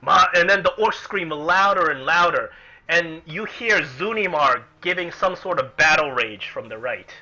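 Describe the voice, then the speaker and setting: A man narrating as game master of a tabletop game, animated and breaking into chants and shouts. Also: on the high side, moderate pace. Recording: dull lo-fi recording with music.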